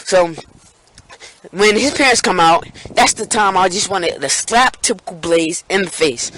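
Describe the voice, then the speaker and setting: A young man with a high voice tells a long storytime tale into his camera mic. He rambles along, full of fillers and restarts. Now and then he breaks into squeaky impressions of his frightened friends. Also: lively intonation, a little slow, sharp tone, a little hiss or hum, low-quality recording. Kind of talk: casual storytime vlog.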